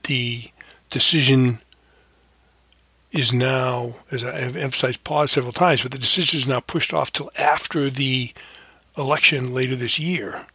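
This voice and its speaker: A man's voice: medium pitch, fairly even intonation, unhurried, bright, forceful tone, husky, no echo. A man hosting a casual commentary, rambling and correcting himself often with fillers. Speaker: podcast host.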